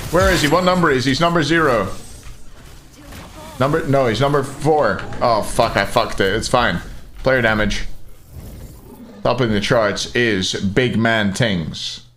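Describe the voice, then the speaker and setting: A young man calls an esports match live, his voice sitting at an ordinary middle pitch. He rambles into jokes between plays and swears casually. A faint hiss and the odd click sit under the voice. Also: a little slow, pauses often, fairly bright tone. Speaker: esports caster. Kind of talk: live game commentary with banter. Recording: faint background noise and clicks.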